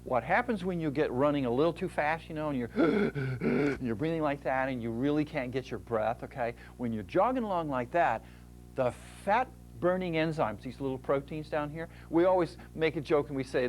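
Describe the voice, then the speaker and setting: A man's voice: fairly high pitch, lively intonation, normal speed, a little hiss or hum. A man from the United States explaining fitness at a diagram in a folksy manner, acting out muscles talking. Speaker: fitness instructor. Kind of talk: explaining at a whiteboard.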